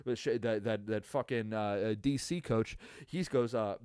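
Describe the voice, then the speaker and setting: A man's voice: on the low side, moderate pace, darkish tone, smooth, dry recording. A man hosting a casual sports podcast, ranting in a profane, tired way with lots of fillers and restarts, close to the mic. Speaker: podcast host.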